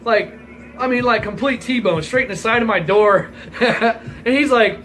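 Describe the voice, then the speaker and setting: A man's voice: extremely high pitch, measured pace, fairly bright tone, rough recording. A man in his forties telling a rambling, profane story in a casual vlog, laughing as he goes. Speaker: vlogger.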